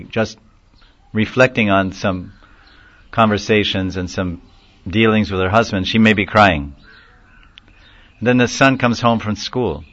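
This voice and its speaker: A man's voice: lowish voice, a bit bright, dry recording, dull audio. A man giving a devotional class lecture, telling stories animatedly, acting out quotes and chuckling often. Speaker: spiritual lecturer.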